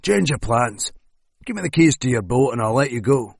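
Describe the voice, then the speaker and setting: A man's voice: medium pitch, animated, normal speed, vocal fry, breathy edge, no echo. A man voicing a wary retired male hitman with a clipped, sardonic way of talking. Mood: menacing. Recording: dry close studio sound.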